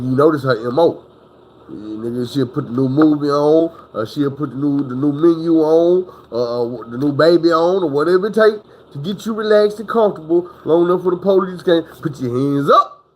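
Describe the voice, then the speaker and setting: A man's voice: fairly high pitch, slight background noise, rough recording. A man telling a story in a casual, rambling, profane way, acting out the people he quotes.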